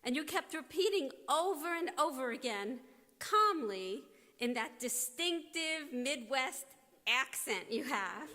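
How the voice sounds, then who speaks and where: A woman rabbi delivers a formal blessing and tribute, her fairly high voice slow and deliberate. She lets whole phrases fall to a near hush. The long reverb of a big hall carries every word. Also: animated. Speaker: rabbi giving an installation tribute.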